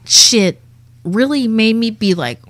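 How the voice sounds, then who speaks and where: A woman's voice: a little high, animated, slow pace, a bit bright, dry recording. A young adult woman, a comedian guest, telling a vivid and profane story in a casual way.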